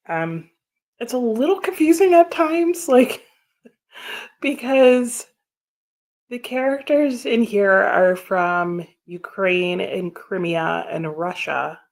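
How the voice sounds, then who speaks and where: A woman's voice: fairly low pitch, creaky. A woman hosting a live reading sprint stream, chatting casually and answering viewers' comments. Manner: chatty, laughs often, reads viewer comments aloud. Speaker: livestream host.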